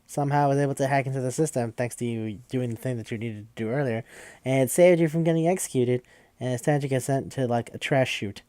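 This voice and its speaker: Man, podcast host, casual rambling recap, swears a lot, filler-heavy, mid pitch, dry close mic. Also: fast talker, warm tone, no room sound. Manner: rambling, profane, with frequent fillers.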